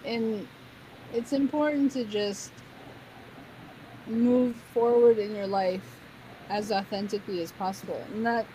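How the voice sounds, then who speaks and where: A woman's voice: mid-range voice, measured pace, pauses often, slight background noise, poor audio. A woman in her thirties chatting casually, telling a personal story and acting out the dialogue with lots of laughing. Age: 30s. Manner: animated storyteller who acts out quoted dialogue and laughs often. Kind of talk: casual chat.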